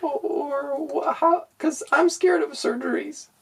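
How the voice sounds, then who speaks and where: A man putting on a squeaky raspy pop-star lady. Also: measured pace, distant mic, full character voice. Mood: fretful. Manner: whiny, fretful and earnest. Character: shrunken kidnapped female pop singer, squeaky, self-conscious. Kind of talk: comedy podcast improv.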